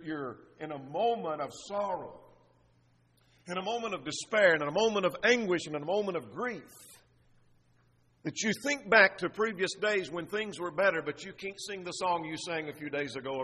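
A man delivers an earnest expository sermon in a church sanctuary, working through a text with a run of rhetorical questions. His voice sits fairly high and bright, with a slightly husky edge. The sound carries a long reverb from the big room. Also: a little fast. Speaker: preacher. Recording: long reverb of a large hall.

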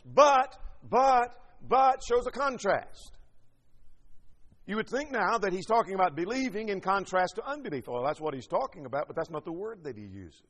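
A man's voice: sits high, big-room sound. A man preaching a sermon, teaching emphatically through rhetorical questions and scripture quotations.

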